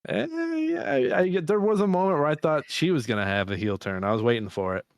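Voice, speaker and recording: A man in casual podcast chat, his voice sitting at an ordinary pitch for a man. He swears freely and laughs as he retells movie scenes. The recording is dry and close. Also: fairly even intonation, fast, no room sound. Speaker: podcast co-host.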